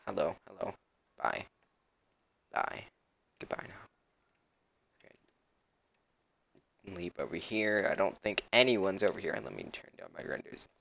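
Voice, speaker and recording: Low, gravelly young male gamer. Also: a bit bright, no room sound. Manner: rambling, lots of ums and uhs. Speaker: gaming channel host. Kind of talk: casual gameplay commentary.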